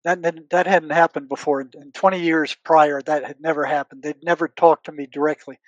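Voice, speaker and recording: Older man telling a story in a higher voice. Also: no room sound, lo-fi sound. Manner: relives past conversations, quoting himself and others; earnest, searching, doubles back on his words. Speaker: guest, retired psychotherapist. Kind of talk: conversational storytelling.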